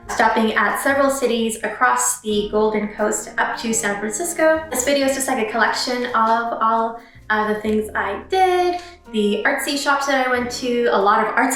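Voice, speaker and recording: A woman narrates her art vlog in a friendly, chatty way, with a voice that sits a little high. The sound is roomy and echoey, with gentle music playing underneath. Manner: chatty and upbeat, with light laughs. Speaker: vlog host, children's book illustrator. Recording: roomy echo with light music behind.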